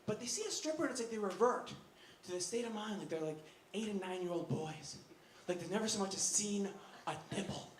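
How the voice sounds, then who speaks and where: Male stand-up comic, high voice, big energy, shouts punchlines, roomy club with crowd noise. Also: brisk. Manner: loud, animated, shouting punchlines, acting out characters. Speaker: stand-up comedian. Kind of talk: stand-up set. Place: comedy club stage.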